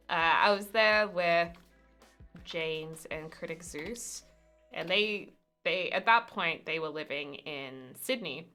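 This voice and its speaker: Animated, chatty young woman streamer. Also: low voice. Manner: chatty, animated, thanks viewers with bursts of excitement. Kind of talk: casual live-stream chat.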